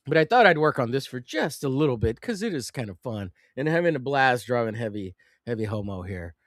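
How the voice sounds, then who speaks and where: An American man with a mid-range voice hosts a live comic-drawing stream, talking fairly quickly in an animated, rambling way and cracking crude jokes. The sound is studio quality with no room sound.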